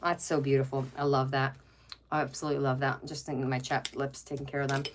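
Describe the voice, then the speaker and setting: A woman's voice: very deep voice, level tone, fast, noisy background. A middle-aged woman hosting a home craft livestream, chatting casually, rambling and gushing, reading viewer comments aloud. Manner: rambling and chatty, gushes over pets, many fillers. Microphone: webcam.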